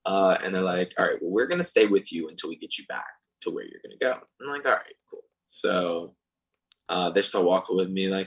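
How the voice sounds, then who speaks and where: A man's voice: deep voice, moderate pace, low-quality recording. A young man telling a story in casual chat, acting out other people's lines. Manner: animated, acts out quoted voices. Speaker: podcast guest and singer.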